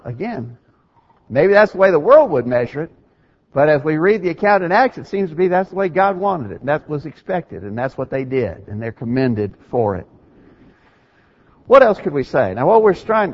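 A man preaching a sermon in an emphatic, animated way, his voice swinging widely in pitch as he stresses each point. His tone is somewhat husky, and the recording sounds dull and lo-fi.

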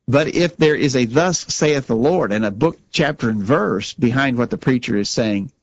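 A man's voice: medium pitch, normal speed, dry recording, lo-fi sound. A man co-hosting a religious talk show, speaking earnestly and often repeating words as he starts a sentence. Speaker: radio show co-host.

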